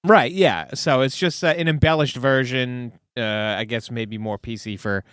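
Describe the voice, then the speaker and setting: A man's voice: mid-range voice, normal speed, clear, resonant tone, no echo, studio quality. A man co-hosting a podcast, musing aloud and hesitating as he works through a thought. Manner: musing, hesitant with ums and restarts. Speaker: podcast co-host. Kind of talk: casual chat.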